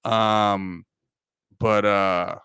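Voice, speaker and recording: A man hosting a comedy podcast, rambling crudely and jokingly, sometimes mocking people in a high put-on voice. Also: steady tone, drawn-out words, bright, forceful tone, clear, resonant tone, dry recording, studio quality. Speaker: podcast host. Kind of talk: casual comedic podcast rant.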